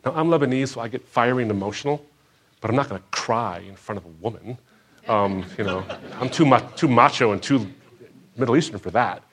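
Animated man telling a personal story. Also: fairly quick. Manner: animated storyteller, jumps higher and louder when acting out what people said; drops low and quiet on emotional moments. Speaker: speaker sharing his personal faith story. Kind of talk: personal storytelling testimony to a live audience.

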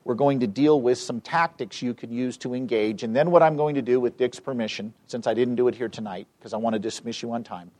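A man giving a live training seminar, telling an anecdote to an audience in an animated, emphatic way. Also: medium pitch, brisk, hardly any pauses. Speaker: seminar speaker. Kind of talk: live training talk with storytelling.

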